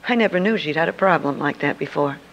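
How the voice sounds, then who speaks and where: An older woman tells a personal story and acts out the dialogue vividly. Her voice has a gravelly edge. The recording is a muffled, lo-fi archive. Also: low voice, lively intonation, fast. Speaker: Christian speaker.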